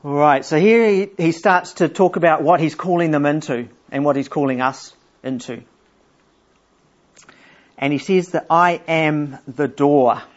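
Middle-aged male preacher, fairly high voice, earnest teaching sermon, dull recording. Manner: earnest, explanatory, reads scripture aloud slowly.

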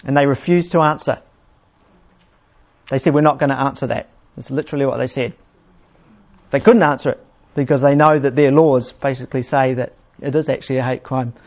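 A man preaching a sermon in a conversational way, restarting phrases often and slowing down to read scripture with emphasis. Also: mid-range voice, fairly even intonation. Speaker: pastor. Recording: dull lo-fi sound.

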